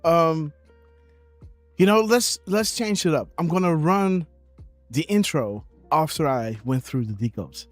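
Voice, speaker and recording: A man's voice: a little high, lively intonation, slow pace, soft background music. A man hosting a live stream, chatting casually in a rambling way, with many fillers and frequent laughs. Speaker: show host.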